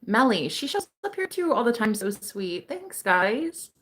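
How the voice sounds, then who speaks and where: A woman's voice: on the high side, very animated, unhurried, fairly bright tone. A young woman hosting a casual livestream as a psychic reader. She chats with viewers, laughs often and swears casually.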